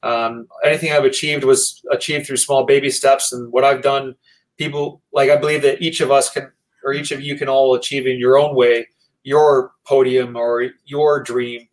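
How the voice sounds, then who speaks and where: Earnest Canadian man, mid-pitched. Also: level tone, poor audio. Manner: earnest, measured, keynote-like phrasing. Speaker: guest motivational speaker. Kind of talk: interview answers.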